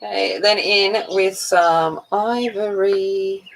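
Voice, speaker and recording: A woman's voice: mid-range voice, fairly even intonation, slow, vocal fry, slight background noise, poor audio. A woman with a broad Australian accent, chatting casually and rambling while she colours on a livestream. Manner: chatty, rambling, self-mocking.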